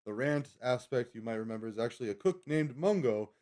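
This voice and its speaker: This man hosts a live stream in a loose, casual way. He wanders from one thought to the next and keeps correcting himself. His voice sits at an ordinary pitch for a man. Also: lively intonation, fairly quick, darkish tone. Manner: rambling, lots of fillers and self-corrections. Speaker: livestream host. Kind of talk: casual livestream chat.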